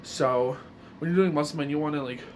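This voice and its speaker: A man's voice: fairly high pitch, fairly quick, slight background noise. A man explaining voice impressions in a casual, rambling way, often restarting his sentences. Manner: rambling, self-correcting mid-sentence. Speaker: voice impression tutor. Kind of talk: casual video tutorial.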